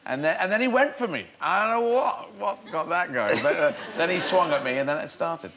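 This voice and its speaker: A man's voice: a little high, lively intonation, fairly quick, vocal fry, fairly bright tone. A middle-aged man, a comedian guest on a chat show, telling rambling stories playfully and laughing often. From England.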